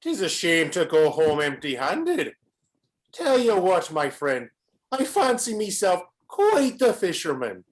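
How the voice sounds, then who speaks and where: An actor playing a jovial, boastful police inspector in an amateur radio play. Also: male voice, high-pitched, huge pitch swings, slow, heavily acted. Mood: hearty.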